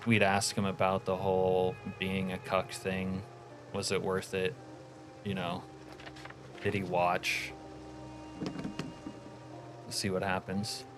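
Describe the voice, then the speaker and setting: A young man streaming a game, chatting casually and rambling through answers to his chat. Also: sits low. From United States. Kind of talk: casual livestream chat while gaming.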